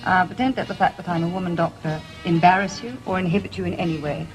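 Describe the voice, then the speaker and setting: Actress as brisk reassuring doctor, businesslike. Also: female voice, lowish voice, faint music behind, lightly acted, poor audio.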